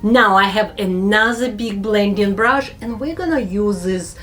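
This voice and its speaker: A woman narrating a makeup tutorial as a beauty vlogger, speaking slow, careful English with non-native phrasing. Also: medium pitch, fairly bright tone, soft background music.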